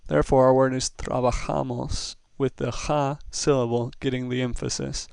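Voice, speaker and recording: A man gives a recorded lesson in a slow, patient and methodical way. His voice is gravelly but smooth and resonant. The sound is dry and close to the mic. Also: mid-range voice, little pitch movement, darkish tone, no echo. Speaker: Spanish teacher.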